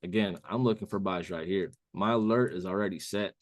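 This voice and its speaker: Male trading mentor, low voice, casual slangy delivery, dry close mic. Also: a little fast, no room sound. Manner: casual, says "bro" a lot. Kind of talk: live trading call walkthrough.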